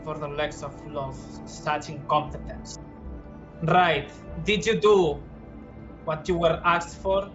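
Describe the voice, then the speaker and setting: Casting: a man playing a haughty drow matron with a Russian accent, contemptuous and commanding, slightly raised pitch, dull lo-fi sound with music behind. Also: steady tone, slow pace. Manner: imperious, contemptuous, clipped orders.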